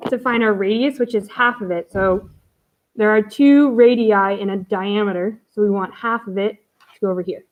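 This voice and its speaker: A woman's voice: medium pitch, moderate pace, highs cut off. A woman math teacher running a live online review, talking through each step in a chatty way. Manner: chatty, walks through steps aloud.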